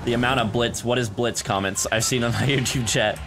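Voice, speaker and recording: A man hosting a live-streamed game, chatting with a teammate and viewers, laughing often and excitable. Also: medium pitch, a little fast, music in the background. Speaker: streamer and gaming host. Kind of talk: live-streamed gameplay chat.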